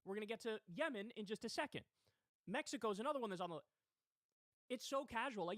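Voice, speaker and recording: A man's voice: high-pitched, lively intonation, quick pace, a bit bright, dry recording, clean studio sound. A man hosting a political commentary livestream, talking in a heated, indignant way with swearing. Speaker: livestream host.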